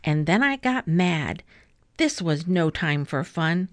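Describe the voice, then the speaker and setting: A woman reading a rhyming children's book aloud in an expressive, rhythmic way. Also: lowish voice, slow pace, no echo. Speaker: storyteller.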